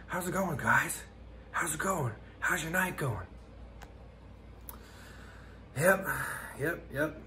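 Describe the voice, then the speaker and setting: A man's voice: a little high, expressive, measured pace, bright, forceful tone. Mumbling, half-whispering young man outdoors. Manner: mumbling, trailing off into near-whispers, self-mocking. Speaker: comedy video creator. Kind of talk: rambling comic monologue. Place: outdoors on a hike.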